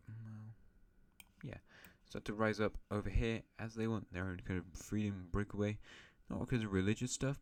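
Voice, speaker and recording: A man hosting an alternate-history map series, narrating in a rambling, chatty way with self-mocking asides. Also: fairly low pitch. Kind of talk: casual map-game commentary.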